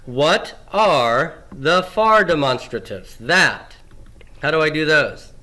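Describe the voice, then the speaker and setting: Slow, bright-voiced man teaching grammar. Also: a little high, lively intonation. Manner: asks questions and answers them himself, repeats key forms. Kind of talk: classroom lecture.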